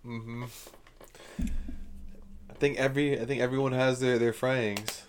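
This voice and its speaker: A man's voice: medium pitch, steady tone, measured pace, a little hiss or hum. A man co-hosting a casual chat, rambling and profane, laughing often. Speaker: podcast co-host.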